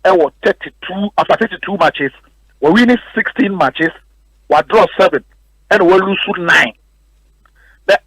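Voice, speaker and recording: Brief: Ghanaian male radio sports analyst, high pitch, close dry mic, emphatic and repetitive. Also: a bit bright, dry recording, rough recording. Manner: rapid code-switching, repetitive emphatic delivery. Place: radio studio.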